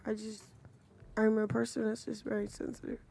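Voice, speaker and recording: A tipsy woman who has been crying answers the interviewers in a defensive, argumentative way. Her voice is gravelly with fry, and she sounds a touch higher than most women. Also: monotone, moderate pace, dark tone. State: tipsy and tearful. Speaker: interview guest. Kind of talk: casual chat.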